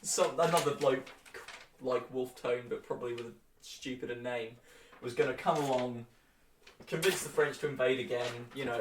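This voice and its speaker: A man's voice: medium pitch, slight background noise. Young man, casual history lecture, flippant asides, distant mic, roomy echo. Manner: flippant, jokey asides with chuckles. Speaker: history tutor.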